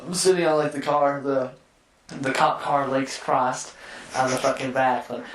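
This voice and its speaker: A man's voice: medium pitch, steady tone, normal speed, fairly bright tone, roomy sound, far from the mic, low-quality recording. A man hosting a podcast, telling a story in a rambling, swearing way. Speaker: podcast host. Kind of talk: casual storytelling chat.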